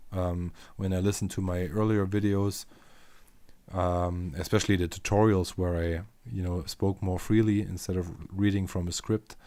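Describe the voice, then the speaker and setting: A man's voice: low-pitched, warm tone, no room sound. A man with a German accent, chatting loosely on a livestream as a machinima creator, rambling and swearing casually.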